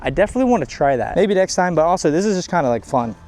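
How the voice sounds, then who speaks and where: A man hosting a fishing vlog outdoors on a muddy shoreline, talking to the camera in an excited, chatty way, hot and a bit winded. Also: a little high, racing. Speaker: fishing channel host. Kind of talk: casual outdoor vlog narration.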